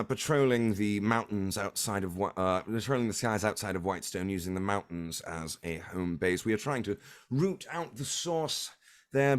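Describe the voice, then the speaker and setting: A courteous male mage on official patrol, polite and formal, often tripping over his words, as a man puts him on. The voice sits somewhat above the performer's own low pitch. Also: lightly acted. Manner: polite, formal, a little fumbling.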